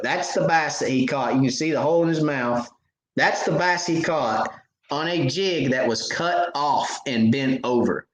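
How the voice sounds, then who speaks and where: A man's voice: fairly high pitch, fairly bright tone, echoey room, poor audio. A man hosting a fishing show, telling stories and answering viewer questions in a casual live chat, laughing at his own stories. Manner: chatty storyteller, laughs at own stories, many restarts.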